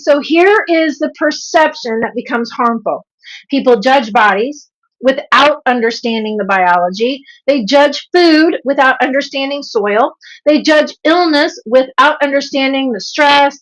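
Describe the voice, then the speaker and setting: Hosting a live stream, a Southern nutrition coach in her fifties greets viewers by name and earnestly repeats her points for emphasis in a drawl. Her voice sits high with a fairly bright tone, captured in a rough recording.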